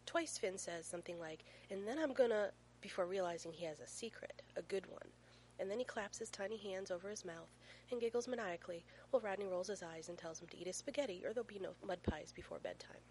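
A woman reads a fan fiction story aloud in a fairly low voice, telling it with playful warmth. A faint hum sits beneath her narration. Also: quick pace, rough recording.

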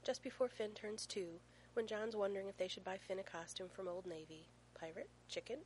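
A woman's voice: lowish voice, slight background noise, rough recording. A woman narrating a fan fiction story as an audiobook reader, playful and storytelling.

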